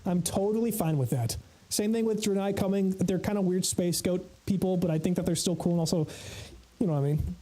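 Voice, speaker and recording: Laughing often and swearing freely, a streamer rambles through casual livestream chatter and reads chat while gaming. The audio is poor, and the voice is medium in pitch, fairly quick and dark-toned.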